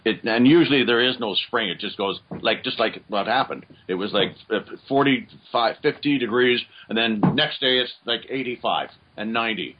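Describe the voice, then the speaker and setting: A man being interviewed as a guest over a remote call, chatting in a rambling, halting way with many restarts. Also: mid-range voice, dull audio, a little hiss or hum. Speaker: guest voice actor. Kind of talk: casual interview chat.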